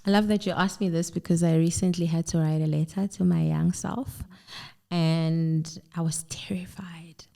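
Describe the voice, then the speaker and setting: A woman's voice: on the low side, fairly even intonation, fairly quick, creaky, few pauses, mellow. A woman guest on a parenting podcast, speaking earnestly and encouragingly in affirmations. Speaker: podcast guest, mom blogger. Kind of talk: heartfelt conversational interview.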